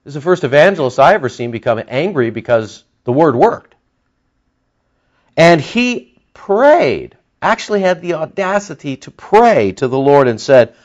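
A man preaching a sermon in an animated, conversational way, acting out the lines he quotes. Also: fairly high pitch, moderate pace. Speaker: pastor. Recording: dull lo-fi sound.

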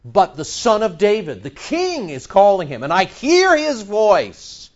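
Animated preacher man, lively pitch. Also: a little slow, lo-fi sound. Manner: animated, asks rhetorical questions, repeats phrases. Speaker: pastor. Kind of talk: sermon.

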